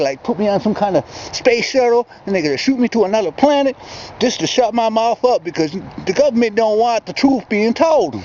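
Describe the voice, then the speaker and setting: A man's voice: very high-pitched, a little mellow, slight background noise. A man from Michigan rambling and ranting in a casual outdoor vlog, filmed at dusk by a yard fence and campfire. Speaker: vlogger. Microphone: handheld camera. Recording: dull lo-fi camcorder audio with faint outdoor ambience.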